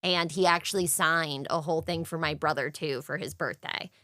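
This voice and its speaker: A young woman co-hosts a casual podcast chat, recounting things with gushing, emotional enthusiasm. Her voice sits on the low side. The recording is dry and close, with no room sound. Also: steady tone, moderate pace, sharp tone, no echo. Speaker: podcast co-host.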